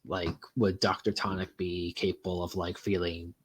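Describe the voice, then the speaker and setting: A man's voice: sits low, level tone, moderate pace, husky. A man interviewing a creator, hesitant and chatty, with plenty of fillers and small laughs. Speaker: interviewer, host. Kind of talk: casual interview chat.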